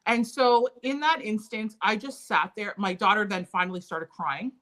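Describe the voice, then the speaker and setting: A woman's voice: mid-range voice, moderate pace, fairly bright tone. A woman in her thirties, an interview guest, candidly and earnestly recounting painful family memories. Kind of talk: personal storytelling in a conversation.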